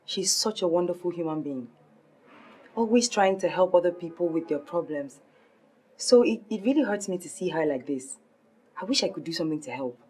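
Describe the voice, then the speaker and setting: An actress with a Nigerian accent playing a caring friend who asks soft, concerned questions. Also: female voice, fairly low pitch, lively intonation, fairly quick, breathy edge. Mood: worried.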